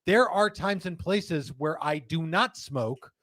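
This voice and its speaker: A man hosting a live stream, talking in a chatty, rambling and animated way. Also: a little high, takes it slowly, no echo. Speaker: host.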